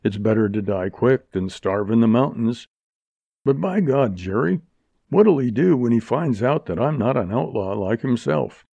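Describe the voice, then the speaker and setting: Scared whiny young guy, narrator doing it, mellow gravelly voice, dry flat audiobook sound. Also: medium pitch, moderate pace, no room sound. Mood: panicky. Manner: anxious, pleading. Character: panicky, cowardly young man posing as an outlaw. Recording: dull lo-fi recording.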